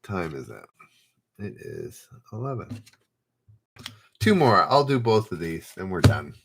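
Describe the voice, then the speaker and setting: This trivia host's gravelly voice sits low and moves through big pitch swings at an unhurried pace, with background noise behind him. He reads questions for a live online game and chats casually between them as answers come in.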